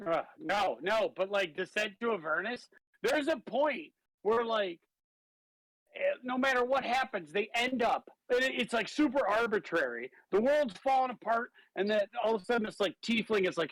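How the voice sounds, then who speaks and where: High-voiced animated man. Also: normal speed, dry recording, rough recording. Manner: animated, laughing, acts out quoted lines. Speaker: podcast co-host. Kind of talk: casual chat about tabletop games.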